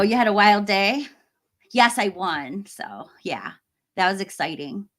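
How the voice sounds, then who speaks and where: A woman's voice: mid-range voice, animated, measured pace. Chatty woman hosting a livestream. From United States. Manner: chatty, warm toward viewers, with fillers and laughs. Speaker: livestream host. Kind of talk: casual livestream chat reading comments.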